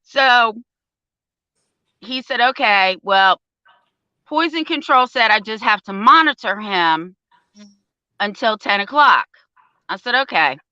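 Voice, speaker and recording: Animated older woman telling a story. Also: on the high side, slow, pauses often, dry recording, dull audio. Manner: animated storyteller, acts out quotes. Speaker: guest, parent advocate. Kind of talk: casual storytelling.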